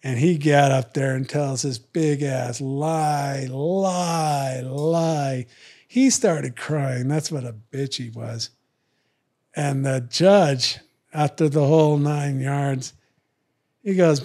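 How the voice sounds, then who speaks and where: A man's voice: a little high, darkish tone. A middle-aged man telling profane stories on a podcast, acting out other people's lines in a raised voice. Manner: profane, drawn-out slang. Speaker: podcast guest. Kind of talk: storytelling in casual talk.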